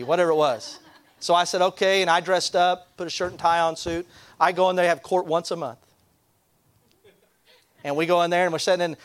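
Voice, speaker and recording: A man's voice: on the high side, dry recording. A man who is a pastor telling a funny personal story, acting out the people in it. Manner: animated storyteller, acts out other people. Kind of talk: storytelling sermon.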